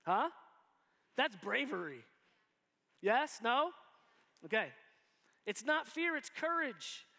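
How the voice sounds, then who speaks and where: A man with a high, bright, ringing voice preaches a sermon in a casual, playful way. He jumps into quick acted-out bits of dialogue to make his points, and his voice carries a long church reverb. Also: big pitch swings, gravelly. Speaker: pastor. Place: church sanctuary.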